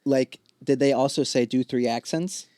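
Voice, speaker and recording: A man's voice: medium pitch, fairly even intonation, moderate pace, warm tone, clean tone, no room sound, studio quality. A man co-hosting a podcast in casual chat, teasing and asking questions. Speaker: podcast co-host.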